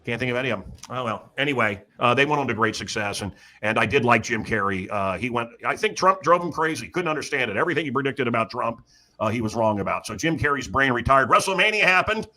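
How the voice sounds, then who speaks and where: A man's voice: mid-range voice, expressive, fast talker, bright, forceful tone. A man hosting a talk show, delivering a sarcastic, ranting comedic monologue full of mocking asides. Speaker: radio show host.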